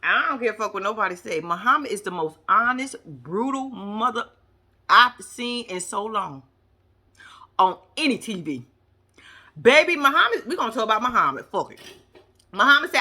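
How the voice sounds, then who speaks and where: A woman's voice: on the high side, lively intonation, normal speed, sharp tone, slightly rough. A woman giving a brash, profane, casual recap of a TV episode, talking straight to her viewers. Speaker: reaction vlogger.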